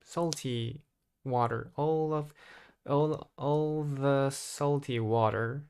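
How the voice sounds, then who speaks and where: A man practicing vocabulary on his own, thinking aloud in a hesitant, halting way and correcting himself as he goes. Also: medium pitch, a little mellow, clean tone. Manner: hesitant, halting, constantly restarting and self-correcting. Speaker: English learner.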